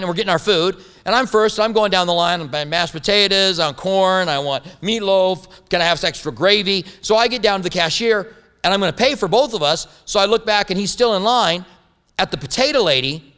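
A man's voice: sits high, bright, forceful tone. A man preaching a sermon as a pastor, telling stories with humorous asides. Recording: long hall reverb.

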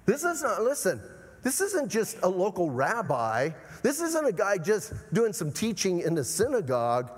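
A pastor from Arizona preaching a sermon in an emphatic manner, repeatedly urging the congregation to listen. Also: male voice, high voice, huge pitch swings, normal speed, husky. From Arizona, USA. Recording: long hall reverb.

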